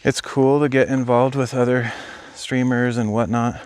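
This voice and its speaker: A man's voice: mid-range voice, flat delivery, moderate pace, a little mellow, clean tone, no echo. A young adult man live streaming while hiking outdoors, chatting casually and thinking aloud as he answers viewers. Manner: rambling, thinking aloud, replies to chat. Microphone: phone.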